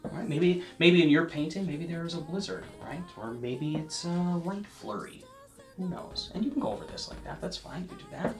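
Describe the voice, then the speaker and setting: A man giving a casual painting lesson, chatting to the viewer and often checking in, sometimes dropping to a soft near-whisper as he works. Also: on the high side, fairly quick, faint music behind. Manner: drops to a soft near-whisper while working. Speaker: painting instructor.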